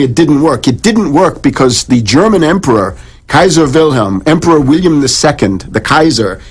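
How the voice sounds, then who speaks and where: A man's voice: medium pitch, slightly rough. A man speaking as a guest on a radio interview, lecturing at length on history with frequent restarts and repeated words.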